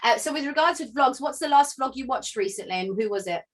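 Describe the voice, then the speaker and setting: Friendly woman host with a higher voice. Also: animated, quick pace. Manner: friendly, encouraging questions with fillers. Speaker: interviewer. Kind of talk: casual chat.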